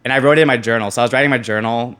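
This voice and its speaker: A man's voice: mid-range voice, racing, clear, resonant tone. A man in his twenties, a podcast guest, telling a story casually and acting out other people's lines with jumps in his voice. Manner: animated, acts out quoted voices.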